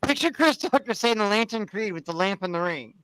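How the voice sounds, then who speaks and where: A man hosting a casual panel podcast, talking in an animated, profane way and laughing often. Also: high voice, a little fast, clean tone, no room sound. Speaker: podcast host.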